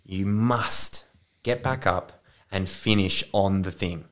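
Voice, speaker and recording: A man's voice: low voice, takes it slowly. A man co-hosting a podcast in casual chat, earnest and reflective. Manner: earnest, reflective, says "mate". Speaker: podcast co-host.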